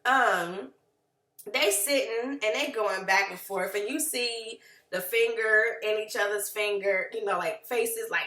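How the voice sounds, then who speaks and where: A woman casually recapping a reality show, acting out what the cast said in lively voices. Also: mid-range voice, unhurried, reverberant. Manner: animated, acts out quotes of the cast.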